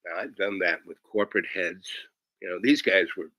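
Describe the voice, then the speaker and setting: A man's voice: low voice, moderate pace, bright, forceful tone, no room sound, poor audio. A man telling a rambling comic anecdote, often tagging his lines with "right?". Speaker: storyteller.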